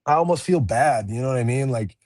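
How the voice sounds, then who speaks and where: A man's voice: mid-range voice, expressive, a little fast, a little mellow, dry recording. A young man who fights professionally, chatting casually in an interview, laid-back, swearing freely and laughing often. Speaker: MMA fighter, interview guest.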